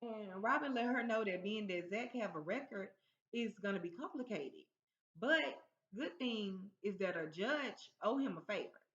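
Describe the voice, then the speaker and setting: A woman's voice: mid-range voice, lively intonation, moderate pace, fairly bright tone. A woman hosting her own channel, casually recapping a TV episode in a chatty storytelling way and acting out the characters' lines. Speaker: TV recap host. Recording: roomy, dull lo-fi sound.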